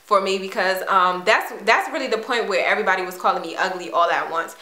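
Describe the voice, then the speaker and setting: A young woman from Washington, D.C., telling a personal story in a chatty, animated way with casual slang. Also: mid-range voice, fast talker. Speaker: vlogger. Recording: echoey room.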